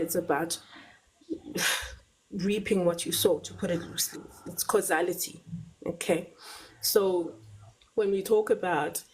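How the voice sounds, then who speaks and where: A woman's voice: fairly low pitch, a little mellow, breathy edge, low-quality recording. South African woman explaining things patiently. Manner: measured, repeats words while finding phrasing, checks in with "right?". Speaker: guest on a live talk show. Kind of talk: explanatory conversational talk.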